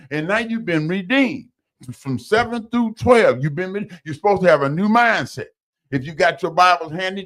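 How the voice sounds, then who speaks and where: Animated storytelling man, fifties, lively pitch. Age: 50s. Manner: acts out quotes, laughs, folksy slang. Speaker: guest sharing recovery story.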